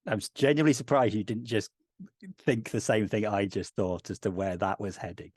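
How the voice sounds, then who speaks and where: A man's voice: on the low side, fairly even intonation, brisk, a little mellow, no echo, studio quality. A man co-hosting a podcast, thinking aloud about game design in a rambling, filler-heavy way. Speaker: podcast co-host. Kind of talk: casual discussion of game design.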